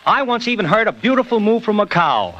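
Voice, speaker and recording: A man's voice: high-pitched, sing-song, a little fast, sharp tone, lo-fi sound. A man as a guest on a scripted vintage radio interview, explaining his craft in a jokey way.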